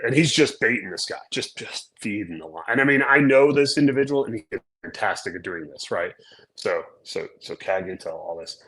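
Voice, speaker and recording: A middle-aged man with a fairly low voice spins a story in casual conversation. He keeps checking in with "right?" and throws himself into the quoted lines. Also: fairly quick, poor audio. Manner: animated storyteller acting out quotes, frequent "right?". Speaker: podcast co-host, former naval aviator.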